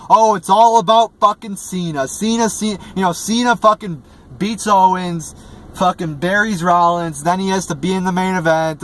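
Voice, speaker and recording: A man's voice: sits high, moderate pace, fairly bright tone. A man ranting through a wrestling show review, swearing constantly and stumbling over restarts and fillers. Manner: profane and exasperated, heavy swearing, many fillers and restarts.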